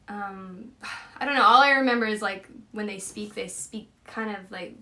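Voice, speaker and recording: A woman's voice: mid-range voice, normal speed, pushed and bright. A woman hosting a casual chat, rambling and giggly, often trailing off mid-thought. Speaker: host.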